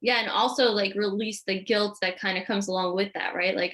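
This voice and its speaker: A woman's voice: medium pitch, little pitch movement, normal speed, few pauses, a bit bright. A young adult woman hosting an interview, friendly, laughing along and saying "like" a lot. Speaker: podcast host and interviewer. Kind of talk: casual interview chat.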